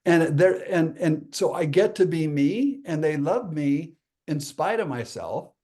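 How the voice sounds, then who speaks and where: A man's voice: fairly high pitch, animated, unhurried, warm tone. A man telling a story with energy as a guest, acting out the voices of the people in his anecdotes. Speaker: guest speaker. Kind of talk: animated storytelling.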